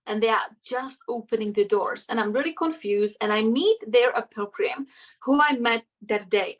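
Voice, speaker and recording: A woman's voice: fairly high pitch, fairly bright tone. A middle-aged woman, a guest in an interview, telling a personal story in a reflective, emotional way and acting out her inner voices.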